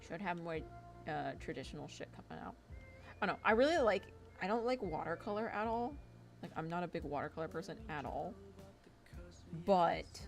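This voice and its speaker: A woman streamer chatting casually while she draws, ranting with lots of swearing and acting out imagined arguments. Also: lowish voice. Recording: music playing behind. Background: music.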